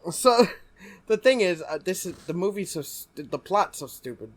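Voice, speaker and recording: A man's voice: sits high, sing-song, moderate pace. A young man co-hosting a podcast, rambling and laughing through casual chat. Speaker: podcast co-host.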